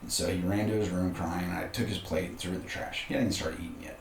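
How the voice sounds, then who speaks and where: Middle-aged man, very low voice, roomy sound, candid storyteller for an interview spot. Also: fairly even intonation, racing, gravelly. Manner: candid, conversational, frequent restarts. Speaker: podcast guest. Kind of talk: casual personal storytelling. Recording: roomy room with faint background noise.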